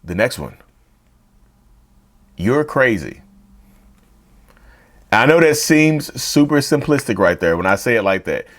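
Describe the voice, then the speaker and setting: Man, host, casual direct address, repeats himself, lively up-and-down pitch. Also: fairly quick, few pauses. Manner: animated, repeats and rephrases points; addresses viewers as "y'all". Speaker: mental health channel host. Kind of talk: direct-to-camera talk.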